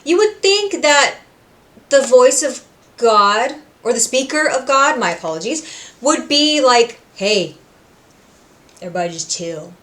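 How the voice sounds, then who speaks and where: A woman from Puerto Rico hosting a reaction video, recapping scenes with animated storytelling and acting out the characters' lines. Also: sits high, measured pace. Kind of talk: casual recap and commentary.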